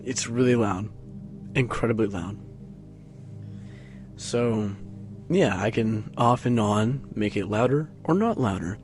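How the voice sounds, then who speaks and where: A man's voice: takes it slowly, long pauses, music in the background. A man vlogging at home in a casual, rambling way, full of fillers and restarts, talking close into a tabletop microphone. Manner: rambling, many fillers and restarts, low-key. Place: carpeted room at home. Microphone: tabletop USB microphone, close, with headphones on.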